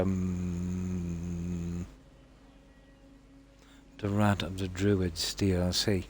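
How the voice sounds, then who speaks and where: Male streamer, very low voice, unhurried rambling play-by-play with ums. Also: completely flat delivery, a little hiss or hum. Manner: musing, trailing off with ums. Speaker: game streamer. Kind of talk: casual gameplay commentary.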